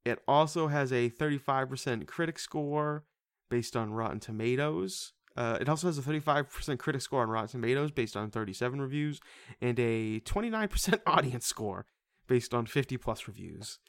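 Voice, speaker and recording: Excitable man on a dry-sounding podcast. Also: medium pitch, moderate pace, dry recording. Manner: excitable, swears casually, laughs often. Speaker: podcast co-host. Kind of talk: casual movie-review chat.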